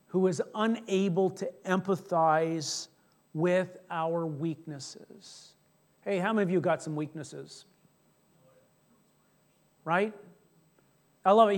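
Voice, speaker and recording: A middle-aged man preaching a sermon as pastor, telling a personal story in a chatty, joking way. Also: fairly high pitch. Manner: chatty storytelling, jokes with congregation.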